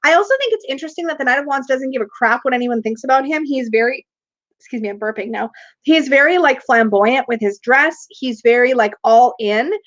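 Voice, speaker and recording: A woman's voice: high-pitched, a little fast, fairly bright tone. A woman hosting a casual tarot livestream, chatty, reading viewer comments aloud and laughing often. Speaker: tarot reader and livestream host. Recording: dull lo-fi livestream audio.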